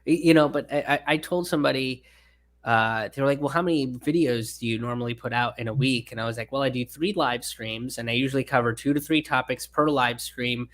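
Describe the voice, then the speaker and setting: A man's voice: mid-range voice, fairly quick. A man guesting on a casual podcast, telling stories, acting out other people's lines and swearing freely. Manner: animated storyteller, acts out voices, swears freely. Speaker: comedian guest.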